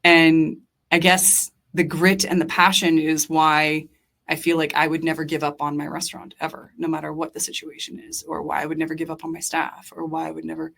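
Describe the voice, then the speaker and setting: Her deep voice stays monotone and moves fairly quickly, with vocal fry and a slightly bright edge. The speaker, a young adult diner owner and chef, is a podcast guest in a relaxed interview, talking with passion and sincerity amid frequent fillers and restarts.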